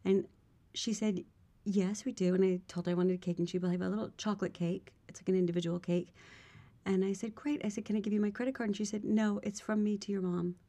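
A woman co-hosting a casual chat podcast, telling stories in an animated, quick way. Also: mid-range voice. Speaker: podcast co-host.

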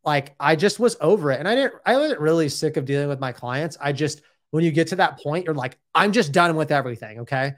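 Candid rambling man, slightly high voice. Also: animated, a little fast, few pauses. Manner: rambling and candid, says dude and like a lot. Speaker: personal trainer telling his story. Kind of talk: casual personal storytelling.

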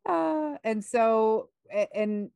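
A woman's voice: fairly high pitch, very slow, vocal fry, darkish tone, clean tone, no room sound, dull audio. A woman guesting on a faith podcast, chatting in a playful way and laughing often. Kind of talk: casual faith-based podcast chat.

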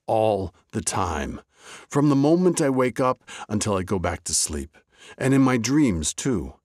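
A fretful village baker, voiced by a male storyteller, low-pitched and unhurried yet full of worry. His pitch swings widely as the complaints pile up. The sound is close and dry. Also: very animated, a little mellow, dry recording. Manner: worried, exclaiming complaints. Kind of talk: storybook character voice.

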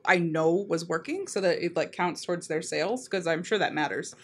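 A woman's voice: on the low side, animated, fairly quick, a little hiss or hum. Young female co-host, giggly, chatty, casual, filler-heavy. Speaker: podcast co-host. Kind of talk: casual chat.

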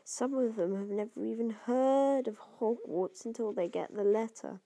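A woman's voice: fairly high pitch, normal speed, dark tone. A woman doing a snobbish drawling boy. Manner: drawling and superior. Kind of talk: amateur audiobook reading.

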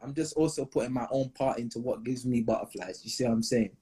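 A young man co-hosting a casual podcast, talking in animated slang and laughing often. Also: medium pitch, fast talker, husky. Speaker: podcast co-host.

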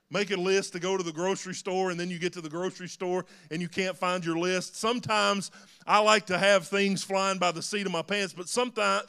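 A man's voice: sits high, sharp tone, smooth. A man preaching a sermon in a church, earnest and rising to emphatic calls. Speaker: pastor. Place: church sanctuary.

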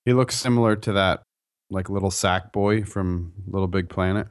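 A man with a somewhat low voice explains things to friends on a casual podcast, pausing on fillers as he goes. The sound is dry and close. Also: fairly even intonation, no echo.

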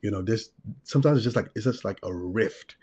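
A man's voice: fairly low pitch, brisk, a little mellow, highs cut off. A man who works as a deliverance minister, explaining his views earnestly in a conversational teaching style and building his points through repeated lists. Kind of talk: conversational teaching on a talk show.

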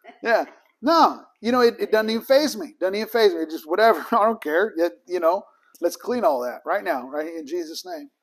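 Ministry trainer, man, high-pitched, emphatic storyteller. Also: lively intonation, brisk, a bit bright, breathy edge. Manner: storytelling, acts out both sides of conversations, emphatic. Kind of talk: casual teaching talk.

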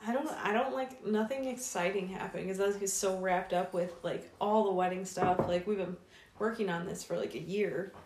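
A woman's voice: medium pitch, normal speed, darkish tone, slight background noise. A woman chatting casually on a podcast, easygoing and supportive. Her voice sounds roomy, with echo around it. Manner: easygoing, supportive, laughs along. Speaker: podcast co-host. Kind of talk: casual chat.

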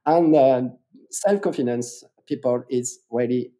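A man's voice: medium pitch, unhurried, dark tone. A man with a French accent, a public speaking coach explaining his methods in an interview, emphatic and repeating words for stress.

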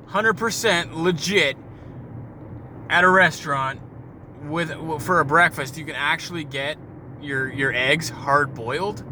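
A man with a voice on the high side hosts a casual car podcast, telling stories while driving at a measured pace. He rambles, jokes and swears often, and road noise from the moving car sits behind him.

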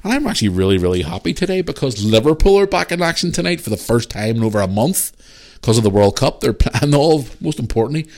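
A man in his thirties hosting a casual podcast, telling a story in an animated, ranting way and swearing freely. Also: mid-range voice, fast. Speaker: podcast host.

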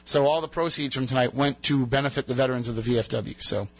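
Quick-paced and medium-pitched, a radio host's voice has just returned after being lost. He fills the show with casual banter and chatty, rambling stories.

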